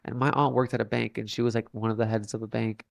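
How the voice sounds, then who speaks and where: A young man, a podcast guest, telling a long story in a halting way with many fillers and restarts. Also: mid-range voice, little pitch movement, creaky, no room sound. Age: young adult. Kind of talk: casual storytelling interview.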